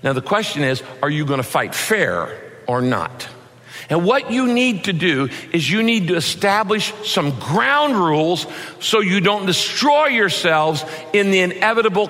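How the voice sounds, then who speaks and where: Middle-aged male pastor, bright and forceful, folksy sermon delivery, big-hall reverb. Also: sits high. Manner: folksy, emphatic preaching with rhetorical questions. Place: large church auditorium.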